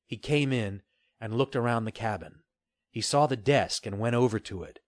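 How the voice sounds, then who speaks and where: A man narrating a children's adventure novel with steady, expressive storytelling. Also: on the low side, normal speed, no echo, clean studio sound. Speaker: audiobook narrator. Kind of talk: scripted narration.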